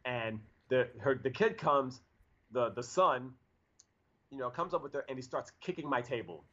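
A man's voice: mid-range voice, animated, moderate pace, bright, forceful tone. A man in his forties telling a story in a casual chat, rambling with lots of fillers and restarts. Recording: dull lo-fi audio.

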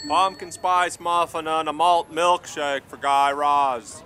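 A man voicing a laid-back food truck cook who speaks in a flat, matter-of-fact way. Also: on the high side, slow pace, slight background noise. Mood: deadpan.

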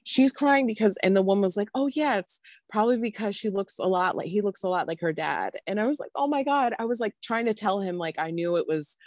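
Rambling, animated woman podcast co-host. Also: fairly quick, no echo. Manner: rambling, animated storytelling with sudden high exclamations. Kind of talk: casual chat.

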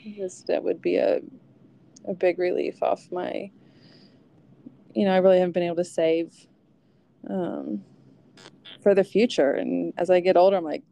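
A woman's voice: on the low side, moderate pace, gravelly, pauses often, dark tone. A woman who is a guest on a podcast, chatting casually and trailing off between thoughts with many fillers. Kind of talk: casual interview chat.

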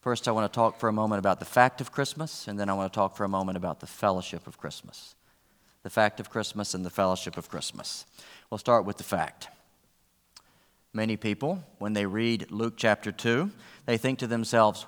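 A man's voice: on the low side, brisk, a bit bright, long reverb tail. A man preaching a sermon, earnest, with rising emphasis on key points and wry asides. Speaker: pastor.

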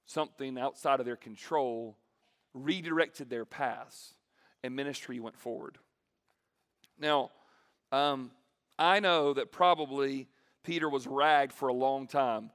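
Animated joking male preacher in a hall. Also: mid-range voice, slow, pauses often. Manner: animated and joking, acts out the scripture. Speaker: preacher to students. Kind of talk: sermon.

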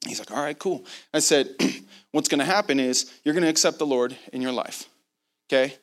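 A man preaching a sermon, telling a story in an animated way and acting out both sides of the conversation, with laughs along the way. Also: mid-range voice.

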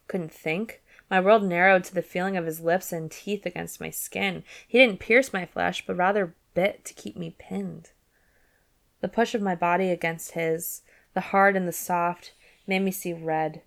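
A woman's voice: fairly low pitch, creaky. A woman hosting a book club podcast, chatting casually with giggly asides and reading passages aloud.

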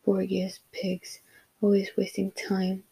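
A woman's voice: medium pitch, completely flat delivery, takes it slowly, creaky, warm tone, breathy edge, full character voice, poor audio. A woman doing a brutal curt officer. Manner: curt, commanding. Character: harsh brutal male soldier officer.

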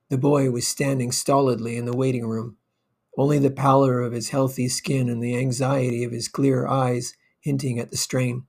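A man reading an old short story aloud in a measured, even way. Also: mid-range voice. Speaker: narrator.

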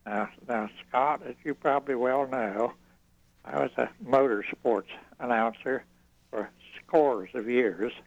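A man's voice: mid-range voice, a little slow, creaky, no room sound. An older man calling into a radio show, talking in a rambling, hesitant, slightly fussy way. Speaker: radio caller. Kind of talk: call-in chat. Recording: dull call-in line.

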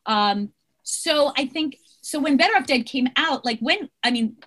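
Woman, middle-aged, actress guest, video call, chatty, fillers, fairly high voice. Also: moderate pace. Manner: chatty, animated, many fillers and restarts. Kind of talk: casual interview chat.

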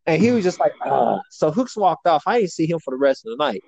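A man's voice: a little high, fast, highs cut off. A young man casually telling a story, animatedly acting out the people he quotes. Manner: animated, acts out quotes with shifting voice.

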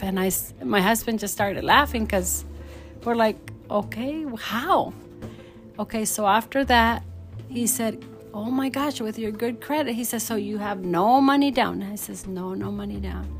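A middle-aged woman telling a personal faith testimony in a storytelling way, acting out the voices of the people in it. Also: mid-range voice. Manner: animated, acts out quoted dialogue. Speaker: testimony speaker.

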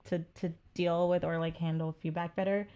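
A woman co-hosting a podcast in casual chat, thinking out loud in long, rambling sentences. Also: on the low side, flat delivery, moderate pace, clear, resonant tone, muffled recording. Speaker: podcast co-host.

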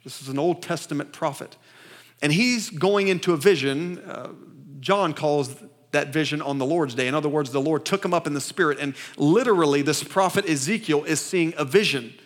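High-voiced male preacher calling to the congregation. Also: moderate pace. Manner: call-and-response with the congregation; emphatic, repeats phrases and restarts. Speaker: pastor. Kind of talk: sermon. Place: church service.

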